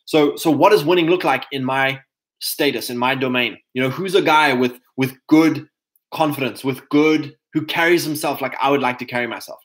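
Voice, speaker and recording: A man's voice: medium pitch, moderate pace, fairly bright tone. A man giving a casual, rambling motivational talk to other men as a podcast host, full of fillers and restarts, calling his listeners chaps.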